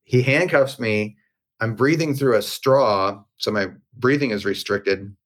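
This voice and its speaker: A man's voice: fairly low pitch, measured pace. A man being interviewed, telling a personal story in a candid, conversational way and acting out the dialogue. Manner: animated, acts out quoted dialogue. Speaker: interview guest.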